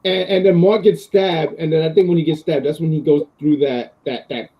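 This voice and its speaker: A man co-hosting a casual chat podcast, animated and often laughing as he acts out lines. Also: a little high, brisk, lo-fi sound. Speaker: podcast co-host.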